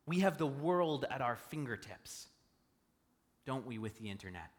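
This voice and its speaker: A man's voice: mid-range voice, expressive, normal speed. Conversational male pastor in a reverberant hall. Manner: conversational, asks the congregation questions. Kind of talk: sermon. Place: church stage.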